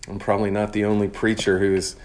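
A man preaching a sermon in an earnest, measured way, slowing down on key phrases. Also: lowish voice, monotone, darkish tone.

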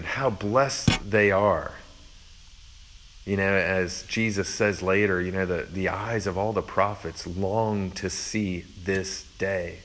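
A man's voice: low-pitched, fairly even intonation, slow pace, a bit bright, slight background noise, low-quality recording. A man giving a conversational sermon, explaining a passage verse by verse with earnest asides. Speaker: pastor.

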